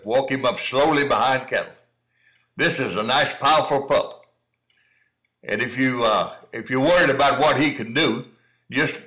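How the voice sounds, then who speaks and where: A middle-aged cowdog breeder with a medium-pitched, bright voice and a forceful tone gives casual running commentary over dog-training footage. He is folksy and encouraging, calling the listener "son," though the audio is poor.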